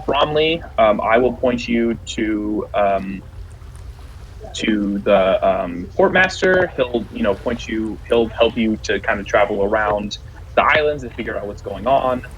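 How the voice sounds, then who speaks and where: A man voicing a helpful male guide in a tabletop game, halting and full of fillers. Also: on the low side, expressive, lo-fi sound, a little hiss or hum. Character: helpful male guide named John Rat.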